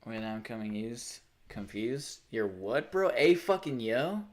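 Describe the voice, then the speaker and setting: A man's voice: medium pitch, sing-song, unhurried. A young man chatting casually on a live stream, rambling, sarcastic and swearing freely. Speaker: livestreamer.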